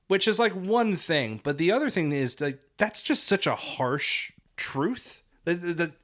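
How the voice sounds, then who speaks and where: A man co-hosting a podcast, chatting casually about a film, animated and laughing often, with many fillers. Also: high voice, measured pace, hardly any pauses. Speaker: podcast co-host. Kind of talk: casual film review chat.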